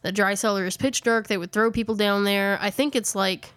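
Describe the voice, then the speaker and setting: Chatty woman, smooth dry voice. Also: medium pitch, fairly even intonation, brisk, a bit bright, no room sound. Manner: chatty, lots of "like", self-correcting. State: slightly out of breath. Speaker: podcast host. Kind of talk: casual chat recapping a ghost-hunting video.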